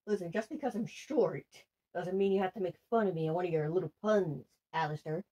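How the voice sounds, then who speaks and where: A woman hosting a casual paranormal challenge vlog, excitable and dramatic, swearing freely as she talks to the camera. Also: lowish voice, fairly quick, breathy edge. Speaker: video host.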